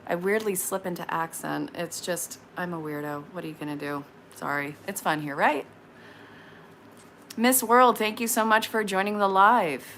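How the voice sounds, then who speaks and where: A woman in her late thirties giving casual tarot readings on a live stream, chatty and frank with quick asides. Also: fairly low pitch, fairly bright tone, a little hiss or hum. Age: 30s.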